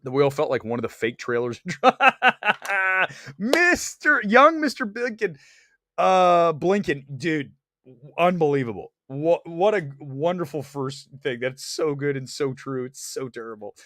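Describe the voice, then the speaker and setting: A man's voice: a little high, animated, a little slow, a bit bright, dry recording, clean studio sound. A man hosting a movie livestream, chatting in a sarcastic, opinionated way and reading viewer comments aloud. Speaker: movie review livestream host. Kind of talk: casual opinionated livestream chat.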